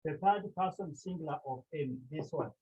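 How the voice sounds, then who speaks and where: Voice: medium pitch, a little fast, dark tone, husky, highs cut off. A Greek teacher from Cameroon, lecturing a class, repeating key words and asking the students rhetorical questions.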